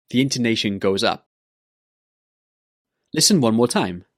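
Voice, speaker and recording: A man teaching an English pronunciation lesson, modelling words and questions slowly and carefully for listeners to repeat. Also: mid-range voice, very animated, dry recording, clean studio sound.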